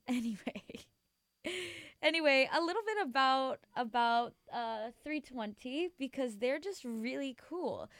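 A woman's voice: a little high, dry recording, studio quality. A young woman hosting a show, telling a story in a chatty, dramatic, giggly way with lots of slang. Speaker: radio host. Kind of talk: casual chat.

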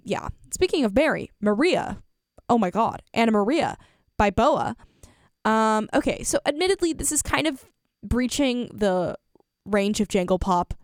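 Young woman DJ on college radio, higher voice, dry studio sound, rambles and corrects herself a lot. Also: no room sound. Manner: rambling, lots of fillers and self-corrections. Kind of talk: casual radio chat.

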